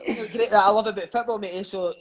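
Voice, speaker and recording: A man's voice: high-pitched, racing, lo-fi sound, a crowd in the background. A Scottish man in his thirties, a former footballer telling stories in a casual chat. He swears freely and keeps dropping in "mate" and "eh". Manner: lively, swears freely, peppers speech with "mate" and "eh".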